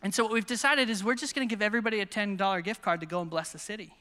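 With a high-pitched voice and a very fast delivery, a U.S. pastor preaches at a conference in a large hall. His sermon is energetic storytelling, with quotes acted out.

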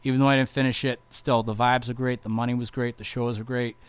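A young man, a touring metal bass player rambling heartfelt thanks with lots of swearing and fillers. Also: level tone, fast talker, smooth, no room sound. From Massachusetts. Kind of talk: casual vlog thank-you message.

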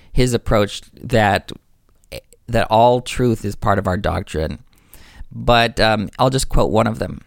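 A man with a lowish voice discusses faith earnestly and enthusiastically, explaining ideas and correcting himself as he goes. The sound is clean studio audio with no room sound.

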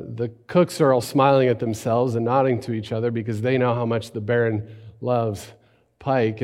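A man preaching a sermon, telling a story and then building to emphatic, animated points. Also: medium pitch, in a large hall. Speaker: pastor.

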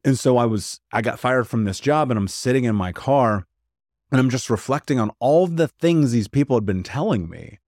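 A man appears as a podcast guest, recounting his own story with frankness and energy and often acting out the voices of other people. His voice sits in the mid range at a moderate pace, and the studio-quality recording has no room sound.

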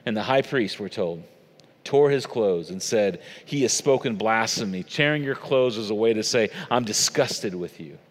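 A man's voice: animated, moderate pace. Man preaching in an echoing hall. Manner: dramatic, emotional preaching with big swings in pitch and volume. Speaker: pastor. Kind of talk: sermon. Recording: long reverb of a large hall.

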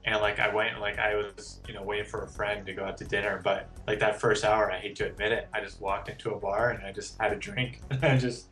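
A man's voice: lowish voice, flat delivery, a little fast, few pauses, fairly bright tone, distant mic, faint music behind. A man talking as a guest on a podcast in casual chat, candid and rambling, with many "like" fillers.

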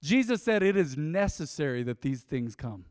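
A man preaching a sermon as pastor, emotive and energetic, swinging between loud bursts and quiet asides. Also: on the high side, moderate pace, no room sound, clean studio sound, big-room sound.

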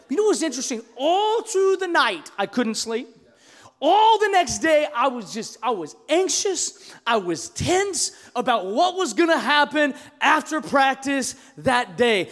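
A middle-aged man preaching a sermon, telling stories that swing between loud shouts and hushed asides. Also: extremely high pitch, big-room sound. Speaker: pastor.

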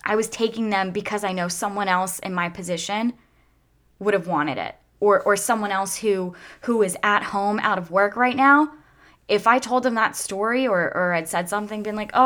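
A woman telling a heartfelt personal story in a lively way, sometimes dropping to a soft whisper when she gets emotional. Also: medium pitch, normal speed. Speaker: speaker sharing a faith testimony.

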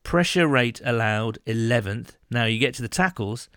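A man's voice: medium pitch, expressive, normal speed, fairly bright tone, dry recording, clean studio sound. A man co-hosting a casual sports podcast, rambling with lots of fillers and restarts. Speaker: podcast co-host.

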